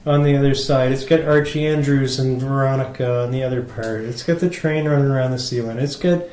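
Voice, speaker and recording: A man's voice: mid-range voice, steady tone, fairly quick, darkish tone. A man co-hosting a casual food review chat, enthusiastic and teasing. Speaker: podcast co-host. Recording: roomy echo with faint hiss.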